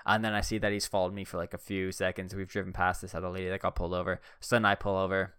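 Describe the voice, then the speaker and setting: A man's voice: low voice, little pitch movement, fast talker, fairly bright tone, smooth, no room sound, clean studio sound. A young man hosting a podcast, telling rambling, self-deprecating stories with joking asides while seated indoors. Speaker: podcast host. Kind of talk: casual storytelling. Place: seated indoors on a swivel chair.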